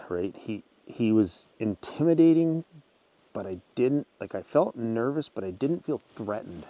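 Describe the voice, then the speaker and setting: A man hosting his channel, retelling a viewer's wilderness encounter in a rambling, casual way and often clearing his throat. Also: sits low, lively intonation, normal speed, mellow, a little hiss or hum. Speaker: channel host reading a viewer's story. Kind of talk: casual spoken storytelling.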